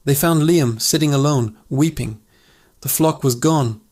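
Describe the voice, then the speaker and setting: A man's voice: mid-range voice, unhurried, creaky, a little mellow. A man narrating a comedic fable in a playful, dramatic way with jokey asides. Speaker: storyteller.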